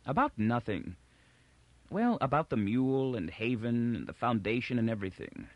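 A man doing a tired young woman, anxious and evasive, higher voice, lively pitch, dry close sound. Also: normal speed, dry recording, highs cut off. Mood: weary.

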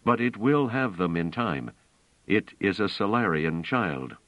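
A man's voice: fairly low pitch, lively intonation, unhurried, no room sound, voice pushed up. A man voicing an earnest, anxious male scholar who pleads in a half-strangled, over-earnest way. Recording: dull, dry audio.

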